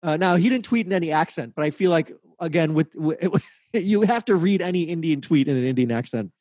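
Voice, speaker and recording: A male podcast co-host who talks haltingly and often restarts. His voice is high and husky. The sound is dry and close. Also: lively intonation, darkish tone, no room sound. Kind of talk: casual podcast chat.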